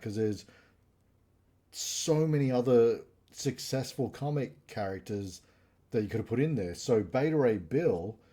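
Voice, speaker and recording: A man co-hosting a live review stream, retelling comic plots in a rambling, animated casual chat. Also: fairly low pitch.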